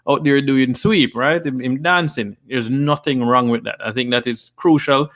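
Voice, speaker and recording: A man's voice: medium pitch, normal speed, fairly bright tone. A man hosting a live stream, reading viewer comments and making earnest, persuasive points while repeating words as he builds an argument. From Jamaica. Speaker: host and investor.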